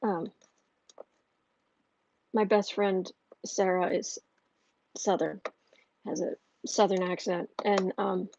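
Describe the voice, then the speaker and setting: A woman hosting a casual livestream and reading viewer comments aloud, chatty and quick to laugh. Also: mid-range voice, fairly even intonation, darkish tone, highs cut off, slight background noise. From northern United States. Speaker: tarot reader and channel host.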